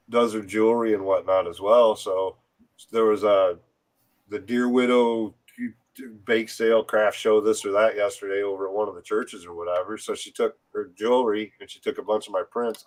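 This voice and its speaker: An artist man chatting casually with a friend, easygoing and teasing, laughing often. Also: fairly low pitch. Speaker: artist, co-host. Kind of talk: casual chat.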